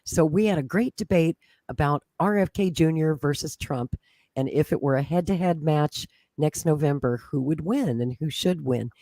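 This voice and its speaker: A woman's voice: deep voice, normal speed, mellow, dry recording, studio quality. An American woman talking politics as a podcast guest, confident and talkative, with frequent restarts. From United States. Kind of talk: casual political chat.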